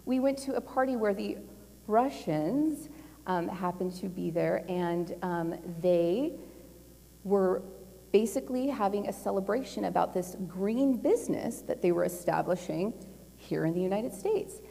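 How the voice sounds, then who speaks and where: A middle-aged woman giving a casual, animated talk at a conference, telling a personal story with a lot of fillers and laughter. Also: mid-range voice, measured pace, creaky. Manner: chatty and animated, laughing often, with lots of fillers. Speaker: conference speaker. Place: large conference hall. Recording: long hall reverb.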